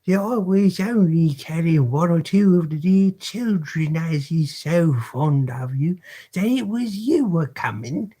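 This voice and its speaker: A fawning older woman, played by a man reading a novel aloud talks in a high, put-on voice. She is meek and flattering, and her humble words come out in a storybook style. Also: a little slow, slightly rough.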